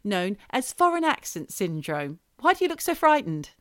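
A woman's voice: mid-range voice, sing-song, moderate pace, a bit bright, no room sound, clean studio sound. Chatty woman telling stories on a podcast. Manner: storytelling, chatty and playful. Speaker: podcast co-host. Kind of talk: casual chat.

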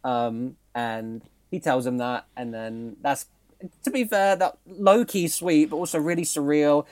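A man's voice: fairly high pitch, a little slow. A young man, co-host of a casual podcast, animatedly recounting a film plot with laughs and swearing. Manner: animated, laughing, swearing, acts out quoted lines.

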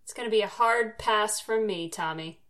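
A woman's voice: mid-range voice, normal speed, fairly bright tone. A woman co-hosting a podcast in casual chat, with frequent laughter and short, dry quips. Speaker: podcast co-host.

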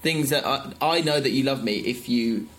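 A man's voice: mid-range voice, normal speed, fairly bright tone, natural voice. A man playing an exasperated partner who scolds a lazy spouse, half laughing as he talks.

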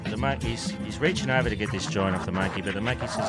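A man's voice: fairly low pitch, racing, loud music behind the voice. A man from Australia co-hosting a podcast over a video call, telling a joke in a rambling, stumbling way. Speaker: podcast co-host. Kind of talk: casual chat and joke telling.

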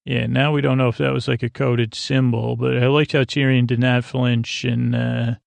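Flat, gravelly man rambling a recap. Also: medium pitch, moderate pace, dry recording. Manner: rambling, many uh fillers, flat drowsy delivery. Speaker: podcast host recapping a TV episode. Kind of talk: casual sleepy recap.

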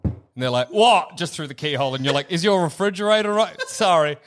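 Brief: Australian man, comedy podcast co-host, high lively voice, jokey riffing. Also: fast talker, a little hiss or hum. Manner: playful, laughs often, riffs in silly voices.

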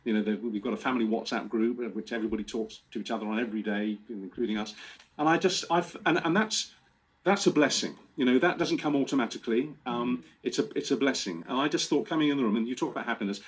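A man in his sixties telling family stories in a chatty, animated way as a guest. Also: medium pitch, quick pace, slightly rough. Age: 60s. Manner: chatty, animated storyteller with restarts. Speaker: guest presenter. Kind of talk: casual storytelling.

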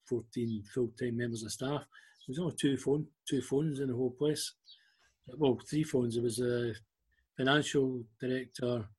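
An older Scottish man spins old workplace stories in a relaxed, chatty way. His voice has a husky, slightly rough edge, and he slips into the voices of the people he quotes. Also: mid-range voice. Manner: anecdotal, acts out quoted dialogue. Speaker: guest, former club liaison officer. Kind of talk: casual storytelling interview.

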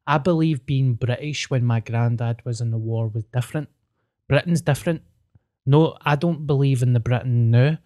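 A man's voice: medium pitch, moderate pace, darkish tone. Scottish man, young adult, podcast co-host, chatty, sweary, casual chat.

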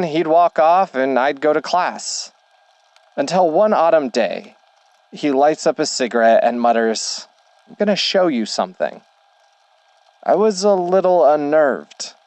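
A man narrating a horror story in a slow, measured way. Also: mid-range voice, darkish tone, dry recording.

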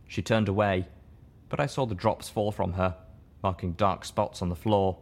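A man narrating an audiobook in the first person, with a steady, measured reading. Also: sits low.

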